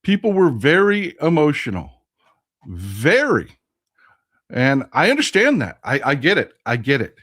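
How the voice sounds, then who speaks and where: A man's voice: fairly high pitch, huge pitch swings, a little slow, fairly bright tone. Emphatic Texan man hosting a livestream. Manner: emphatic, repeats phrases for stress; reads viewer comments aloud and answers them. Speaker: livestream host. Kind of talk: casual political livestream commentary.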